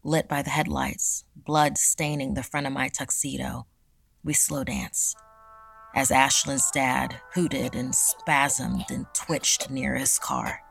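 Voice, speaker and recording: A woman narrating a scripted horror story in a measured, dramatic way. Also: rumbling low, flat delivery, creaky, a bit bright, soft background music.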